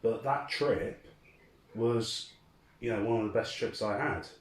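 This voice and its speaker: A young man hosting a casual interview, recalling old memories in an earnest way. His voice sits at a middle pitch. The recording sounds roomy and distant from the mic. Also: measured pace. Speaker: host.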